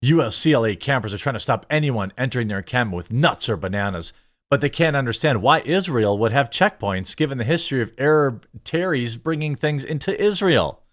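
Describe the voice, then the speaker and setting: A man's voice: medium pitch, lively intonation, fairly quick. A man hosting a reaction commentary show, sarcastic and mocking, stammering through restarts. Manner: sarcastic and mocking, bursts of laughter.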